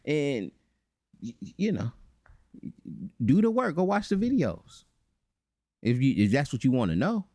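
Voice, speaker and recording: A man hosting a reaction commentary, animated and mocking, breaking into voices to make his points. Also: mid-range voice, a little slow, long pauses, no room sound, clean studio sound. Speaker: channel host.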